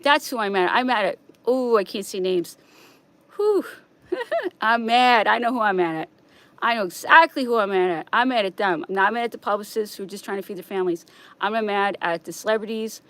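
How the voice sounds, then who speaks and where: A woman talks alone to her stream in a rambling monologue, her voice sitting at an ordinary middle pitch. She circles back over the same points, pushes up louder when she gets worked up, then drops to a hushed, subdued murmur. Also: expressive, a little fast. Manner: agitated, repetitive, swings from loud to hushed.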